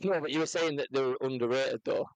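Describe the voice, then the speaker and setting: A young man co-hosting a casual football chat, relaxed and contrary in a matter-of-fact way. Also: mid-range voice, fast talker, dry recording, poor audio. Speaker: podcast co-host. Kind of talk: casual banter.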